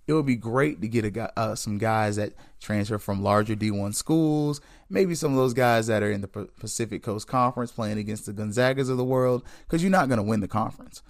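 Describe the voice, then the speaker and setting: A man's voice: lowish voice, a little fast, few pauses, no room sound, studio quality. A man hosting a sports podcast, chatting casually and candidly with listeners and cracking jokes. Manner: joking, candid, talks straight to listeners. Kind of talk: casual sports commentary chat.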